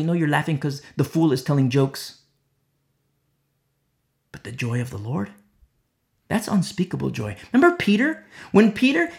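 A man preaching a Bible sermon, repeating key phrases and swinging between loud emphatic peaks and hushed asides. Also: medium pitch, very animated, normal speed, gravelly, pauses often.

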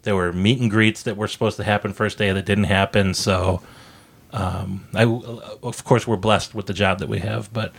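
A man's voice: lowish voice, fairly even intonation, moderate pace, creaky, husky. A man co-hosting a podcast, telling a travel story in a casual, joking way. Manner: laid-back, joking, acts out quotes. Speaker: podcast co-host.

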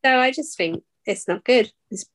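A woman's voice: fairly high pitch, expressive, moderate pace, a bit bright. A woman co-hosting a podcast in casual chat, easygoing and trailing off as she hedges her opinions. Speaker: podcast co-host.

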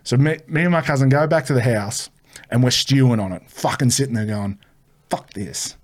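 Swearing man telling a story. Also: fairly quick. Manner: animated, swearing storyteller, quotes people in lowered voices. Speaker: comedian guest. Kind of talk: casual storytelling.

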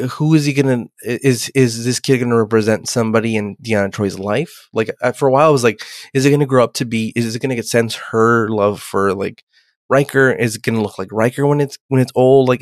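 A man casually recapping a TV episode on a podcast, rambling, swearing and acting out the characters' lines in quick voices. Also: medium pitch, dry recording, studio quality. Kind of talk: casual chat.

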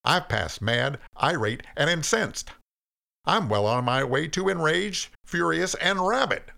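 A man's voice: on the low side, sing-song, normal speed, vocal fry, a bit bright, voice pushed up, full character voice. A man voicing a sarcastic, resentful young man whose anger keeps rising until he is nearly screaming, mocking in tone. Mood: furious.

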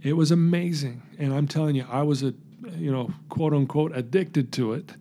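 A man telling his recovery story in an interview, earnest and animated, acting out the voices in his story. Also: a little high, moderate pace, a little hiss or hum.

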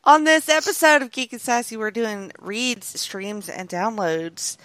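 A woman co-hosting a podcast in casual chat, relaxed and frank, swearing now and then. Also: a little high, a little slow, dry recording. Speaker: podcast co-host.

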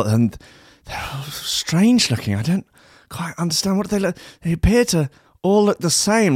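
A man's voice: fairly high pitch, fairly bright tone, no room sound, clean studio sound. A man presenting, telling an absurd spooky story in a playful, theatrical way.

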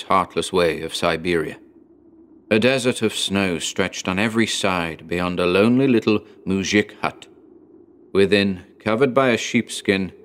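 A man hosting a horror podcast, narrating a story in a measured, deliberate reading. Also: low-pitched, smooth.

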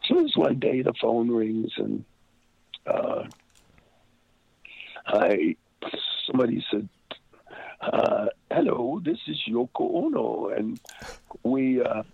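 A man's voice: mid-range voice, creaky, breathy edge, dry recording. An older man telling a rambling story as an interview guest, with many fillers and restarts. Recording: phone-like lo-fi line.

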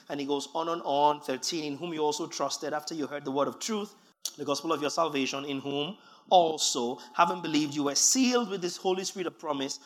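A man preaching a sermon, reading scripture aloud and building from calm teaching to emphatic shouting. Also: on the high side.

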